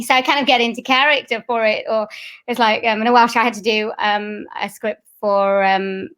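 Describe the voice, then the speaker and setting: A woman's voice: medium pitch, fairly even intonation, a little fast, fairly bright tone. A middle-aged woman, a voice-over artist and singer, chatting in an interview with many fillers and restarts. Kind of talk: casual interview chat.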